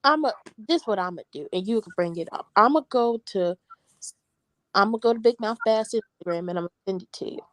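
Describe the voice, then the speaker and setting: A woman hosting a casual reality TV recap, talking in an animated, sassy, slangy way. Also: medium pitch, brisk, no echo. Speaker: show recap host.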